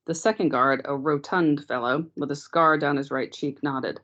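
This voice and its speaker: Low-voiced woman reading a novel aloud. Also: steady tone, normal speed, fairly bright tone. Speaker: teacher. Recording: dull lo-fi online meeting audio.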